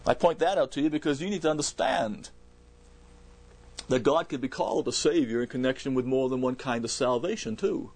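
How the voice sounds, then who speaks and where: A man delivers a verse-by-verse Bible sermon from the pulpit. His voice sits at an ordinary middle pitch, and he presses his points with repeated words and frequent restarts. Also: fairly quick. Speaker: preacher.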